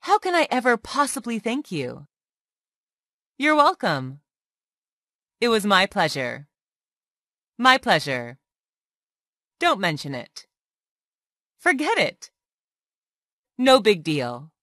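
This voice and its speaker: A woman reading everyday English phrases aloud one by one as a tutor, in a slow, clear and expressive way. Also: medium pitch, no echo, clean studio sound.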